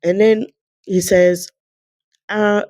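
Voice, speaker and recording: Crying at times, a young woman rambles emotionally about a novel in her casual reading vlog. Her medium-pitched, darkish voice stays level and draws out her words, captured in a dry recording.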